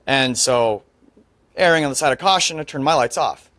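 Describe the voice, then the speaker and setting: A young adult man tells a story as a podcast guest, laying out the route step by step and tossing in dry asides. His voice sits at a middle pitch and sounds close and dry, with no room around it. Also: moderate pace, fairly bright tone, dry recording. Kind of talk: casual storytelling chat.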